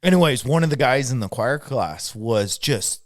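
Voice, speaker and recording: A man's voice: medium pitch, lively intonation, moderate pace, no room sound, studio quality. A man co-hosting a podcast, telling loose, profane stories in casual chat. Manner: loose, profane storytelling with laughs. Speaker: podcast co-host.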